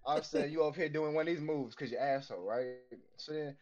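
A man's voice: on the high side, fast talker, darkish tone, highs cut off. A man co-hosting a podcast, telling long rambling stories full of slang, profanity and fillers in casual banter. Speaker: podcast co-host.

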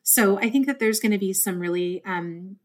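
On her own podcast, a woman with a medium-pitched voice talks at a moderate pace in a loose, rambling monologue. She's an adult who works a desk job, and her warm, earnest words easily bring her to tears.

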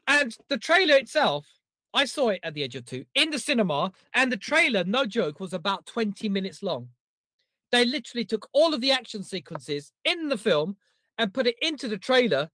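A podcast co-host telling stories in a lively, irreverent way. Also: mid-range voice, dry recording. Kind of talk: casual chat.

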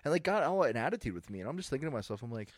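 A young man, telling stories in a laid-back, deadpan way on a casual podcast. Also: medium pitch, racing, no room sound. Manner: laid-back, deadpan storyteller who mimics angry customers. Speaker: podcast co-host. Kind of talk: casual storytelling chat.

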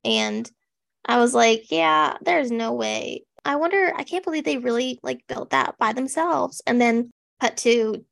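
A young woman co-hosts a podcast with a slightly high, gravelly voice that swoops around a lot. She chats in an animated, sarcastic way and often acts out other people's words. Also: normal speed. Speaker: podcast co-host. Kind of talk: casual snarky chat.

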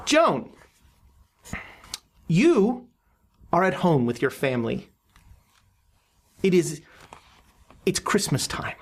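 Slow-talking keeper narrating a creepy dream, lots of uhs and restarts. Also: mid-range voice, huge pitch swings. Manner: halting, with many restarts and fillers. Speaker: game master. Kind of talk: narrating a horror tabletop game.

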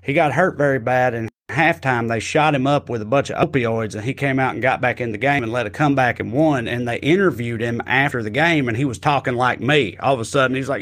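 A man talks loosely in a middle-pitched voice. He swears easily and lands his jokes with a dry, wry edge, like a co-host riffing in casual conversation. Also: a little fast, hardly any pauses, fairly bright tone. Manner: wry, profane, joking. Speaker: podcast co-host. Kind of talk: casual chat.

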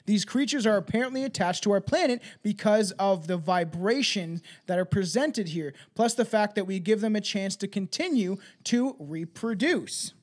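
Male podcast host, high voice, casual, swears a lot, stumbles reading aloud. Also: expressive, normal speed, hardly any pauses. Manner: swears often, laughs and stumbles while reading.

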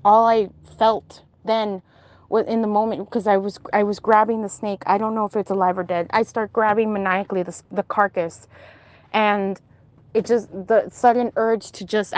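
A woman's voice: mid-range voice, fairly even intonation, measured pace. Young woman intensely retelling a dream. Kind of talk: casual storytelling, recounting a dream.

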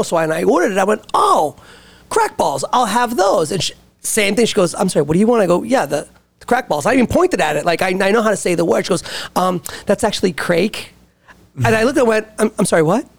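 A man with a high voice tells a story among friends on a podcast. He wanders, circles back and stacks up ums and uhs as he goes. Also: animated, quick pace, creaky. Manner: rambling, with many fillers and restarts. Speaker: podcast co-host. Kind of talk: casual chat, storytelling.

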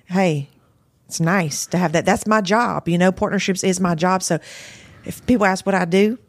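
A woman's voice: lowish voice, normal speed, no room sound. A chatty woman talks as a podcast guest and laughs often. She cuts in when a thought strikes her. Her voice is recorded dry and close on a studio microphone. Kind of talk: casual chat.

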